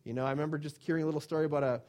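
A man preaching a sermon in an earnest, conversational way, often pausing with fillers. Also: a little high, fairly even intonation, a little mellow. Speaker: pastor.

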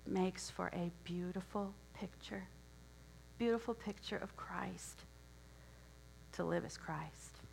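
A woman's voice: lowish voice, slow pace, vocal fry, pauses often, poor audio. Woman preacher, casual storytelling sermon, hum in background. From Wisconsin. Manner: conversational storytelling with asides.

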